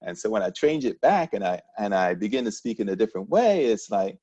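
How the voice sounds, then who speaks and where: A man with a Panamanian accent speaks at a town hall meeting, reflective and halting, often restarting his sentences. His voice sits fairly low. The sound is dull and lo-fi, like video call audio. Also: big pitch swings, dark tone, breathy edge.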